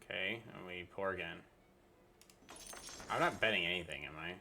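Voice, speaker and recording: A man's voice: low voice, moderate pace, gravelly, pushed and bright, a little hiss or hum. A man casually commentating a card game he is playing, thinking aloud and reading the game text as he goes. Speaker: gaming channel host. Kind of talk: casual let's-play commentary.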